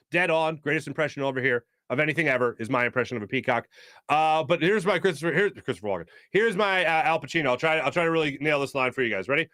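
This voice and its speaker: A sports talk show host runs a casual live stream, joking, humming filler tunes, trying celebrity impressions and reading viewer comments aloud. His voice is on the high side, fast and sharp, recorded in clean studio quality with no echo.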